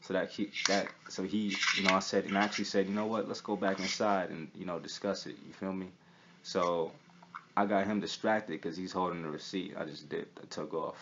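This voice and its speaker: Young man, very deep voice, swaggering profane storyteller; lo-fi recording with light hiss. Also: steady tone, fairly quick. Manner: profane, streetwise, keeps asking "you feel me". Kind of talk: casual storytelling. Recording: slightly dull recording with faint hiss.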